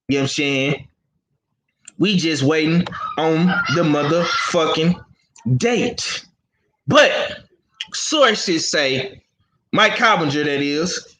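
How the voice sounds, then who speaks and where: A man hosting casual boxing talk, animated and slangy, who repeats himself as he talks. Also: a little high, slow pace, long pauses. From Houston. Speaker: boxing podcast host. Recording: echoey room with faint noise.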